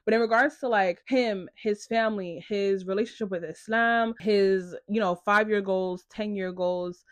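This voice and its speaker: A woman's voice: mid-range voice, measured pace, dry recording. Chatty young woman, close and dry. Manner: chatty, animated storytelling with lots of "like". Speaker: content creator. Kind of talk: casual confessional vlog.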